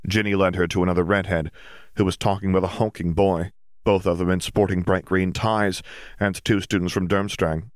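A man narrating a story in a steady, even reading voice. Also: sits low, moderate pace, dry recording, studio quality. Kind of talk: audiobook fiction reading.

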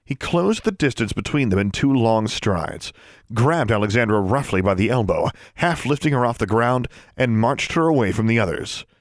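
A man of medium pitch narrates an audiobook, keeping his reading steady and measured. The recording is dry, with clean studio sound.

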